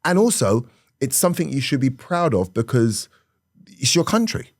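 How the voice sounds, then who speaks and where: A middle-aged man with a South London accent, a comedian telling stories on a podcast in a lively, laughing way that keeps slipping into acted voices. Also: medium pitch, moderate pace, dry recording, studio quality. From South London, England. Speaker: comedian guest. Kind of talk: animated podcast storytelling.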